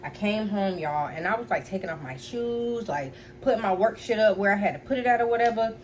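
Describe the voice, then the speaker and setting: A woman's voice: medium pitch, expressive, a little fast, a little hiss or hum. Chatty young woman telling a storytime. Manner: chatty, full of fillers, addresses viewers as y'all; blunt and profane. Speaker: storytime vlogger. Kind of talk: casual storytelling to viewers.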